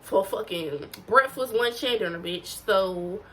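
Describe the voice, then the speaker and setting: A woman's voice: medium pitch, measured pace, a bit bright, slight background noise, poor audio. A teenage girl giving casual, profane tips to her viewers in a blunt, slangy way. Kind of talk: casual to-camera advice.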